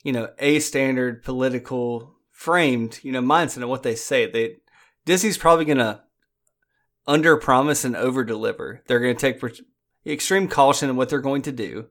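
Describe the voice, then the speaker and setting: A man's voice: medium pitch, moderate pace, fairly bright tone. A man co-hosting a casual podcast who jokes, teases the others and laughs often. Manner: joking, teasing, laughs often. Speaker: podcast co-host.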